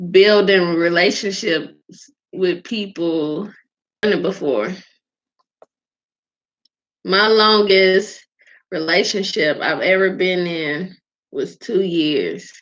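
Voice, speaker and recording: A woman's voice: on the low side, takes it slowly, long pauses, a bit bright. A woman hosting a podcast about faith, talking candidly in a casual way, with many fillers and frequent laughs. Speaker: podcast host. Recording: dull lo-fi recording.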